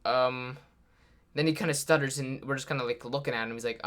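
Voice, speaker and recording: A man's voice: mid-range voice, steady tone, fairly quick, a bit bright. A teenage boy telling a story in a casual, rambling way, full of fillers. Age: teens. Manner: rambling, filler-heavy retelling. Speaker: YouTuber.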